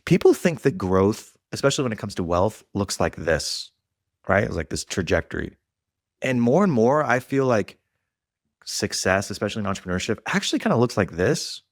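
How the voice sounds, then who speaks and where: A man's voice: lowish voice, sing-song, moderate pace, no room sound, studio quality. A man in his late thirties hosting a podcast interview, talking earnestly and candidly about his worries. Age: 30s. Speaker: podcast host. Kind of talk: casual interview chat.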